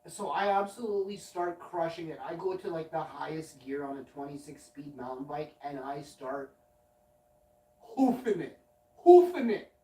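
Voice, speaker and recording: This livestream host's voice is on the high side, a little mellow and steady in tone, moving at normal speed with few pauses. Late at night, he tells a long, rambling anecdote, cursing and cutting himself off as he goes. The mic sits far away in a roomy space.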